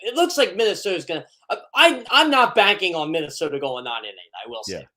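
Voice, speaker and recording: A man's voice: sits high, sing-song, bright, forceful tone. Chatty, opinionated male sports writer. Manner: chatty and opinionated, quick asides to the host. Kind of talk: sports talk radio guest.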